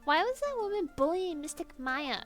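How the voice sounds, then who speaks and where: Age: child. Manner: earnest little girl. A woman voicing a very high-pitched sweet eight-year-old girl. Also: sing-song, moderate pace, faint music behind. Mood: innocent. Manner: earnest, innocent, curious questions.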